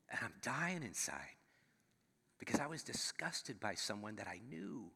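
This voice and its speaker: A man's voice: lowish voice, big pitch swings, a little slow, creaky, long pauses, sharp tone, husky, long reverb tail. A middle-aged man, a pastor, preaching a conversational sermon and checking in with the audience as he goes. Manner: conversational preaching with frequent "right?" asides. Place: church sanctuary.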